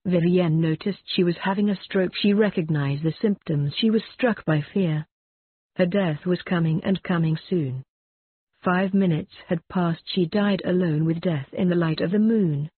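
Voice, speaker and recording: Ballad narrator, steady recital, husky voice, phone-line audio. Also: medium pitch, moderate pace, no echo. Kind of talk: reading a ballad aloud. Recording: dry tinny phone-like recording.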